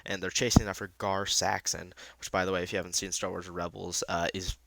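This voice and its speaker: Low-voiced, bright, enthusiastic male host. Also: flat delivery, fairly quick, vocal fry, no room sound. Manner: rambling and enthusiastic, many fillers and restarts. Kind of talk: excited casual fan recap.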